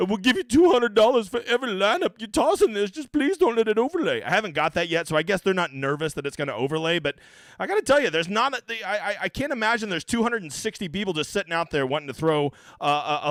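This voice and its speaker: Fast-talking brash, profane male streamer. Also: fairly high pitch, bright, forceful tone, dry recording. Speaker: fantasy golf streamer. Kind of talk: casual livestream chat.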